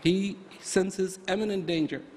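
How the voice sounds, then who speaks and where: A man giving an animated motivational talk, telling stories and asking emphatic rhetorical questions. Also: high voice, unhurried, slight background noise. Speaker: motivational speaker. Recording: echoey hall with faint ambience.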